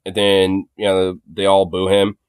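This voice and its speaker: Rich: A man at middle pitch talks as co-host in loose, profane banter, rambling with lots of fillers and breaking into laughter. The sound is close and dry, with no room around it. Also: monotone, a little slow, smooth, no room sound. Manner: laughing, rambling, swears a lot. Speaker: co-host reacting to clips.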